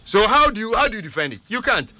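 A man's voice: high-pitched, sing-song, fast, background noise. A Ghanaian man, a football pundit in a heated studio debate, who talks over others and repeats himself.

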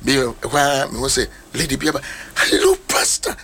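A man preaching a sermon as a pastor, animated and rising to shouts. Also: mid-range voice, fast, a little hiss or hum.

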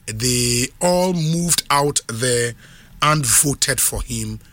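A man with a Ghanaian accent hosting a radio show in a studio, leaning hard on key phrases and drawing them out slowly. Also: mid-range voice, expressive, fairly bright tone, dry recording. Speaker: radio host.

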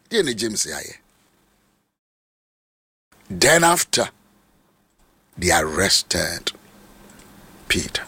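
A man preaching, switching between Twi and English, with sudden shouts and hammering repetitions. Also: on the low side, sing-song, a little slow, pauses often, husky, no room sound. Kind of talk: sermon.

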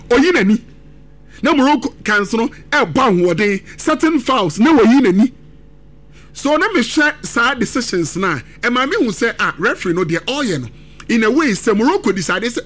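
Animated man analysing football. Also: extremely high pitch. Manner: animated, emphatic, quick switches between languages. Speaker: football pundit. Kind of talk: sports analysis on radio talk show, mixing Twi and English.

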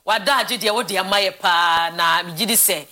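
Host: Ghanaian woman, bright tone, brisk delivery, mid pitch. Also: soft background music. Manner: brisk, mixing Twi and English. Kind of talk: talk show hosting and news bulletin.

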